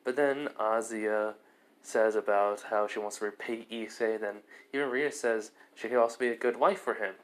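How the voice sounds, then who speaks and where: A man narrates a fan story off the cuff in a rambling, casual way. His voice sits on the lower side, and he leans heavily on filler words as he goes. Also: fairly even intonation, normal speed, fairly bright tone. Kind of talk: casual fan-fiction retelling.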